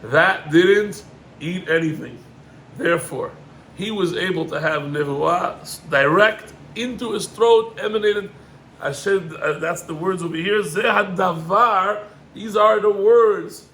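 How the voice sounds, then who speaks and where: A middle-aged man, a rabbi, gives an animated Torah lesson, climbing in pitch on emphatic points and mixing in Hebrew terms. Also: measured pace, slight background noise, rough recording.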